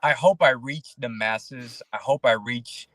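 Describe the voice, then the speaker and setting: Talking a little slowly in a medium-pitched voice, a man guests on a relaxed podcast conversation. He gets animated and preachy, performing the voices of those he quotes.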